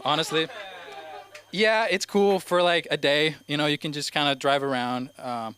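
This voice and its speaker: This young man from Spain, speaking with a faint Spanish accent, is trying stand-up for the first time at an open mic in a comedy club. His slightly high voice has a sharp tone and fairly even intonation at normal speed, and his set rambles with hesitations and many fillers.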